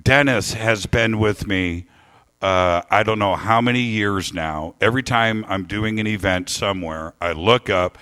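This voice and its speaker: A man speaking live to an audience, telling a story with lively emphasis and thanking people. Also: lowish voice, measured pace. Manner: animated storytelling, warm thanks. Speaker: radio host giving a talk. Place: lecture hall with audience.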